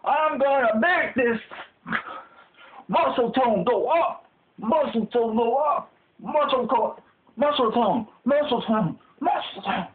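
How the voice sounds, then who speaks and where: A man playing a loud, boastful gym instructor who shouts and repeats himself in a homemade sketch. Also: very high voice, slow pace, pitched above the performer's own voice. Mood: hyped. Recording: tinny phone-quality recording.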